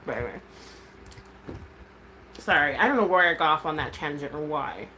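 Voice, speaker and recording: Candid rambling mom on a livestream. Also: female voice, low voice, lively intonation, normal speed, sharp tone, a little hiss or hum, poor audio. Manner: rambling, candid, swears freely. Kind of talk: casual livestream chat.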